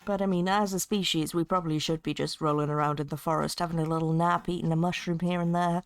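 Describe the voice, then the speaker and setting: A woman's voice: fairly low pitch, fairly even intonation, fast talker, clear, resonant tone, no room sound, soft background music. A woman streaming a text game, chatting in rambling asides and reading aloud.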